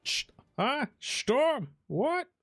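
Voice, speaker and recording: A bellowing, baffled Russian-accented soldier who cannot follow what anyone says, as a man puts him on. He keeps hollering the same question at a strained, high pitch, blunt and insistent. The voice sits far above a normal speaking register. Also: sing-song, extremely slow, no echo, clean studio sound, faint music behind, full character voice. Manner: shouting the same question over and over.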